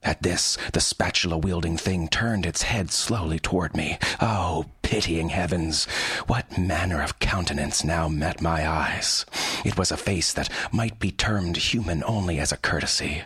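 A man's voice: deep voice, a little slow, a bit bright, husky, no room sound. A man narrating a story in an ornate, wry mock-gothic style. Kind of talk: scripted audiobook narration.

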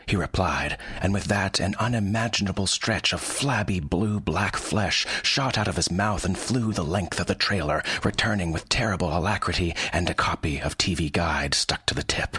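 A man's voice: sits low, moderate pace, bright, forceful tone, slightly rough, dry recording. A man narrating a story in an ornate, wry mock-gothic style. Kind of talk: scripted audiobook narration.

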